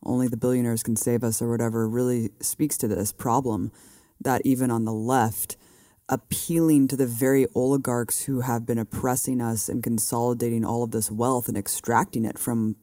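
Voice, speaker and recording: A man from California co-hosting a political podcast, chatting loosely and peppering his speech with "like." His voice is dark and mellow, recorded close and dry. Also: mid-range voice, no echo. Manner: casual, fills his speech with "like". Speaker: podcast co-host. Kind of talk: casual political podcast chat.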